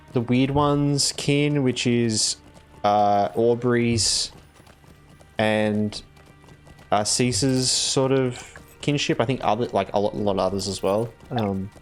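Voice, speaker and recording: A man's voice: medium pitch, steady tone, slow, pauses often. Rambling man chatting over game music. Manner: rambling, filler-heavy, self-correcting. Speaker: game streamer. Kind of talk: casual live-stream chat while playing.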